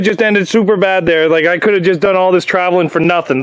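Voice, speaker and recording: A man vlogging from his workshop, talking to himself and his viewers in a chatty, excitable way with jokes as he works. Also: high voice, fast, few pauses. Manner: chatty, excitable, jokey self-talk. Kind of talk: casual workshop vlog. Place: garage workshop. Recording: noisy workshop.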